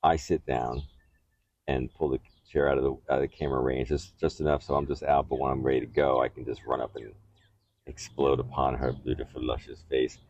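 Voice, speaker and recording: A man's voice: very deep voice, little pitch movement, a little fast, a little mellow, highs cut off. A man co-hosting a podcast, telling a candid, rambling and crude story in casual chat. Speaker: podcast co-host.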